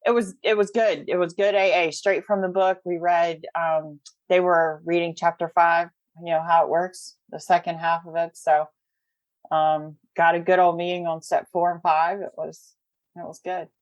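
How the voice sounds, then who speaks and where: A chatty woman with a Southern US accent, her voice sitting on the low side. She talks casually, full of ums and ready laughter, recorded close and dry. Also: little pitch movement, moderate pace, dry recording, lo-fi sound. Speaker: recovery podcast participant. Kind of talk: casual chat.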